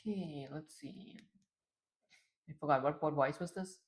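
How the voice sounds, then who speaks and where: On a casual livestream, a game-developing streamer with a fairly high voice talks at normal speed but leaves long pauses. He rambles to himself and to chat while building his game.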